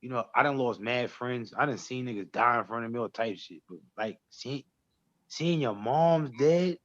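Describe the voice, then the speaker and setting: A man, a rapper guest from Brooklyn, telling stories in animated, profane, slangy talk. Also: mid-range voice, moderate pace, no echo, lo-fi sound. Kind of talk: casual radio chat.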